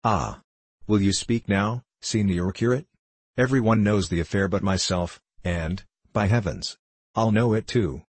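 Reader voicing a furious young villager, low husky voice, forceful and demanding. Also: male voice, unhurried, dry recording. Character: young male villager, angry and insistent.

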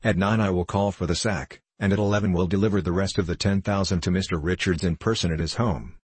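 A man voicing a cool, mysterious male stranger who speaks in a measured, courteous way in an audiobook. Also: low-pitched, fairly even intonation, husky, no echo. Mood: composed.

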